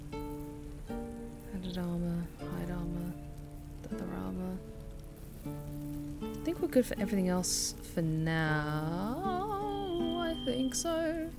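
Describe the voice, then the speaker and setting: A woman voice actor streaming a game, chatting casually about her accent work in a reflective, self-deprecating way. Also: on the low side. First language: not originally American. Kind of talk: casual gameplay commentary. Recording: game music in the background.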